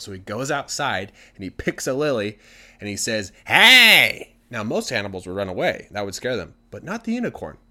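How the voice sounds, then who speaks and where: A man retelling a story for language learners in an animated, conversational way. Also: lowish voice.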